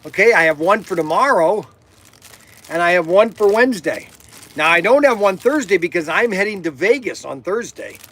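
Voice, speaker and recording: A middle-aged man hosting a livestream from his toy shop, chatting casually in a loud voice that keeps repeating itself and is full of "okay"s. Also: high-pitched, animated, normal speed. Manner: loud, repetitive, peppers talk with "okay".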